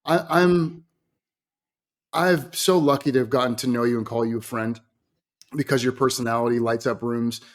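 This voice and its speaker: A man's voice: medium pitch, steady tone, moderate pace, long pauses. A young man hosting a casual podcast interview, stumbling over his words as he searches for a question. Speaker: podcast host.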